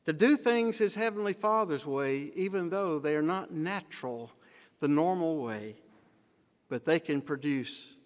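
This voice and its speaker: A man, a pastor, preaching a sermon in a church, telling a story in an earnest way. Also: a little high. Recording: long church-hall reverb.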